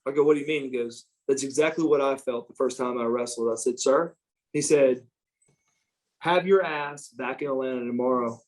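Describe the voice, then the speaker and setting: A man's voice: mid-range voice, normal speed, low-quality recording. A middle-aged American man, a former pro wrestler, telling stories animatedly in a podcast interview and swearing freely as he acts out quotes. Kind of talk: shoot interview storytelling.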